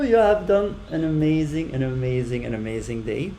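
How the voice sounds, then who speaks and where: A man talking to camera in an emotional, effusive monologue, repeating himself, blowing kisses and swinging from loud frustration to hushed thanks. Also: mid-range voice, very animated, normal speed. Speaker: vlogger talking to an AI chatbot.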